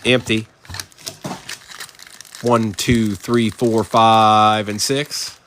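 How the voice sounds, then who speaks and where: A man's voice: lowish voice, level tone, very slow, fairly bright tone, a little hiss or hum. A man hosting a live sports card break, reading out player names and chatting with viewers.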